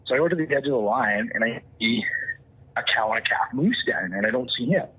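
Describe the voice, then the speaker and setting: Husky-voiced man on a tinny line. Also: mid-range voice, fast talker. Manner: animated, re-enacts dialogue and moose calls. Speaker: podcast guest, hunter. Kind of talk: casual storytelling.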